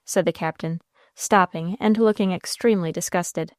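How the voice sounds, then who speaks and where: A woman narrating an audiobook in a steady, even storytelling manner. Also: lowish voice, normal speed, dry recording, studio quality. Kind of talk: scripted narration.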